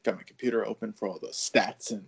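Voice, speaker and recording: A man's voice: fairly low pitch, steady tone, quick pace, creaky, husky. A man on a sports podcast as a guest, easygoing and joking in casual chat.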